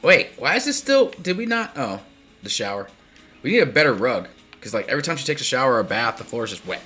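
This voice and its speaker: Bright-voiced male gamer rambling on stream. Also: mid-range voice. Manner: chatty, rambling, laughs often, answers chat. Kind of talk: casual gameplay commentary.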